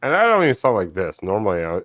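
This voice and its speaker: A man's voice: lowish voice, huge pitch swings, quick pace, a bit bright, dry recording. A man co-hosting a casual late-night livestream from home, talking loosely and teasing his friends. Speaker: co-host of a live stream. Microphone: desktop microphone.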